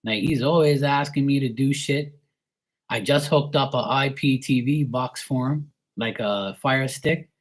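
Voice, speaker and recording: A man's voice: medium pitch, measured pace. Man in his forties, from Bermuda, casual storytelling, rambling, blunt, swears a lot. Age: 40s. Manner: rambling, blunt and heavily profane, many fillers. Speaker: tarot reader streaming live.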